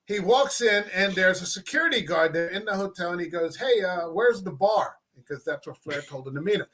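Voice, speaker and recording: Bright, high-voiced man telling stories. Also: fast talker. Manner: profane, animated storytelling with quoted voices. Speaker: podcast host. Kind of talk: casual chat.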